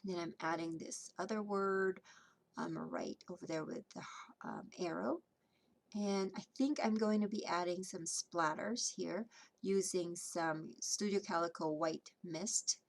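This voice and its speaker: A woman vlogger casually narrating her scrapbook layout process, chatty and relaxed with frequent ums. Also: fairly low pitch, measured pace, vocal fry.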